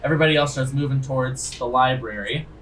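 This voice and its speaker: A man's voice: medium pitch, quick pace, fairly bright tone, rough recording. A young man narrating as game master, casual and filled with ums and likes.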